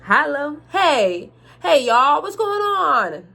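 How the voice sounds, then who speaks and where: A woman's voice: high voice, big pitch swings, slow pace, creaky, pushed and bright, voice pushed up, exaggerated voice. Woman doing a hammy drawling country sheriff. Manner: exaggerated drawling twang, hammy.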